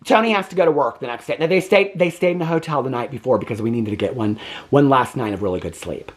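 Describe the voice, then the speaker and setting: A man hosting a casual TV reaction recap with a Midwestern American accent, chatty and sarcastic, laughing often and mimicking people in high mocking voices. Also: quick pace. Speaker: TV recap host.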